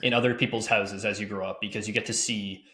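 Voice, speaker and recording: A man's voice: lowish voice, flat delivery, fast talker, bright, forceful tone, echoey room. A man hosting a podcast in an easygoing way, laughing along and asking open questions. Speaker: podcast host. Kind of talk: casual interview chat.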